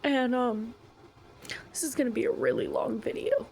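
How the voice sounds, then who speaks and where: A young woman vlogging a personal story, slow and emotional, sometimes dropping to a whisper. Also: a little high, darkish tone, a little hiss or hum, poor audio.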